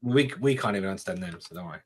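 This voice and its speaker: A man from the UK hosting a live coding show, easygoing and halting as he types. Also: on the low side, expressive, breathy edge. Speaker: host doing live coding. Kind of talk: casual live coding chat.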